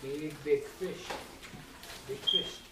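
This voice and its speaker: Casting: teen student, slow storybook read-aloud, distant in an echoey, noisy room. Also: medium pitch, fairly even intonation. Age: teens. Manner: slow, careful read-aloud with sound effects. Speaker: high school student reading aloud. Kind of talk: reading a picture book aloud to children.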